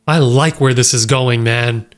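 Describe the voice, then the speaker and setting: A man giving excitable, joking commentary while playing a horror game, talking straight to his viewers. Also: medium pitch, measured pace. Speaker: gaming YouTuber. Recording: loud game music underneath. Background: loud game music.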